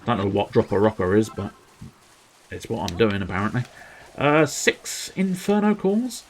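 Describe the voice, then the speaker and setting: A man's voice: on the low side, sing-song, moderate pace, breathy edge. A young man streaming a video game, chatting casually and breaking into silly made-up rhymes and jingles. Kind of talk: casual gameplay commentary.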